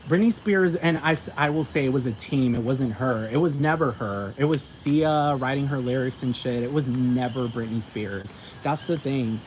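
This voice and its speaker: At normal speed and with few pauses, a medium-pitched commentator rants, profane and emphatic, saying the same things over. His monologue is recorded amid noisy vehicle sounds.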